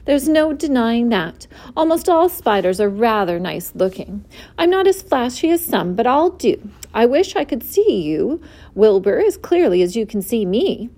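A woman voicing a kindly, calm female spider in a storybook reading, gentle and friendly. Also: on the high side, measured pace, full character voice.

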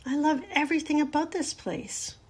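A woman voices a young, timid male pig who speaks eagerly, anxiously, and pleadingly, sounding eager and worried. She pitches the voice high, above her own yet close to an everyday voice, with fairly even intonation at a moderate pace.

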